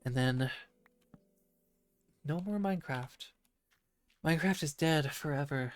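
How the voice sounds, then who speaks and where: Croaky sick man rambling, dry sound. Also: a little high, takes it slowly, pauses often, no room sound. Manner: rambling, profane, self-interrupting. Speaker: podcast host. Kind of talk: rambling casual monologue.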